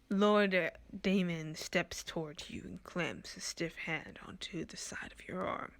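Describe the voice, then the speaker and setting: Slow-reading woman laughing through a story game. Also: fairly low pitch. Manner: unhurried reading, giggly asides. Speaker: game player reading aloud.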